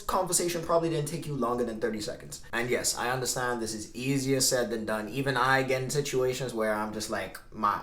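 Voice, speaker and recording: A man vlogging in an easy, conversational way, slipping into the voices of both people in the conversations he describes. His voice sits at an ordinary middle pitch. The room around him rings with a noticeable echo. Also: fairly bright tone. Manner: conversational, acts out both sides of dialogues. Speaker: vlogger giving dating advice. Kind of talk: casual storytelling to camera. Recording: roomy echo.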